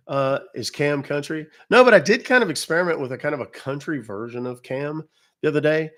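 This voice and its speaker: A man from the United States hosting a casual livestream, chatty and blunt as he answers viewers' chat comments. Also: fairly high pitch. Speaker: livestream host.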